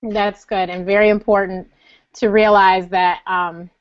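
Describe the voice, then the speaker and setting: A woman hosts a casual interview, posing questions and answering her guest with encouraging remarks. Her voice sits in a middle pitch. The sound is muffled and lo-fi. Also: little pitch movement, a little slow. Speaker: interview host. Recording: dull lo-fi sound.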